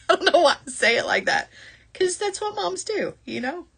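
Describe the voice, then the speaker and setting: Chatty middle-aged woman, crafts shopping-stream host, bright and slightly high voice, laughs a lot. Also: sing-song, moderate pace, gravelly, husky. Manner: chatty, apologetic, laughs often. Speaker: jewelry-making show host. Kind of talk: live shopping stream chat.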